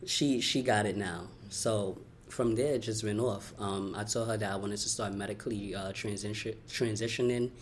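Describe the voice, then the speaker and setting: A young man from Brooklyn tells his story in an interview. His voice sits on the low side and he speaks candidly, in quick, heartfelt runs full of "you know" and "like." A faint hiss of noise runs under the recording. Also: fairly even intonation. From Brooklyn, New York. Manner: candid, fast-flowing, heartfelt, many "you know" and "like" fillers.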